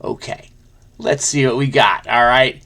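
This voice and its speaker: A man's voice: mid-range voice, fairly even intonation, a little slow, pushed and bright. A man, solving a crossword and thinking aloud in a frenetic, chatty way, muttering guesses and correcting himself. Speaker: crossword solver host.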